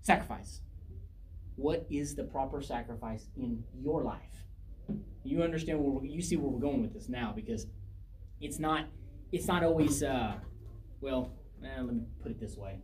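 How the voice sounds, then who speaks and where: A man's voice: medium pitch, normal speed, pauses often, a little mellow, slight background noise. A man preaching a sermon, reading scripture aloud and driving points home by repeating phrases. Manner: emphatic, repeats phrases for stress.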